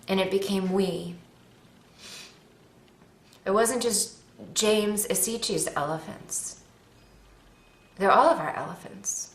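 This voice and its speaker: A woman's voice: medium pitch, slow pace, pauses often, a bit bright. A woman actress and advocate making a personal appeal to viewers from home, earnest and rambling, with a self-deprecating humor. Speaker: actress and animal-rights advocate. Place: at home with her dog nearby. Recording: roomy echo.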